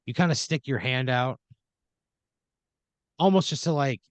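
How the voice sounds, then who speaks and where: A man's voice: medium pitch, unhurried, smooth, no echo. Man spinning a rambling improv story. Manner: rambling, profane, second-person narration with many fillers. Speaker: podcast co-host.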